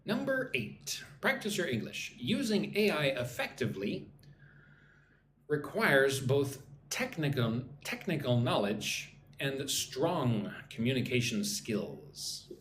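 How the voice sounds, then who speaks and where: A man teaching English on a live stream, drilling phrases slowly and greeting viewers from the chat, a little sleepy. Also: mid-range voice, very animated, a bit bright. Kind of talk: live-streamed pronunciation lesson. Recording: echoey room with faint background noise.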